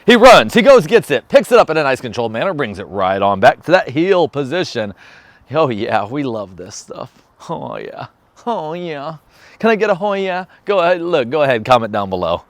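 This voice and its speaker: A man's voice: mid-range voice, big pitch swings, fairly quick, no room sound. A man talking casually in a how-to vlog, upbeat and chatty, switching to short firm commands for his dog. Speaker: vlogger and dog trainer. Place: outdoors training a dog.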